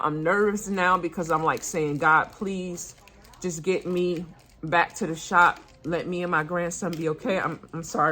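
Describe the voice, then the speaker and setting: A woman's voice: fairly low pitch, fairly bright tone. An older woman, telling a personal story in a chatty, earnest way, quoting what others said. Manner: chatty, earnest, retelling with quoted dialogue. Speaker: vlogger. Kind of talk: casual storytelling vlog.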